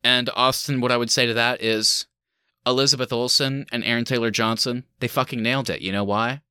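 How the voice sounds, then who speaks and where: A man's voice: mid-range voice, steady tone, fairly quick, sharp tone, smooth, no room sound. Man, podcast co-host, sarcastic joking delivery, casual chat, dry close sound. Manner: sarcastic mock award speeches, laughing often. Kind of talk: casual movie review chat.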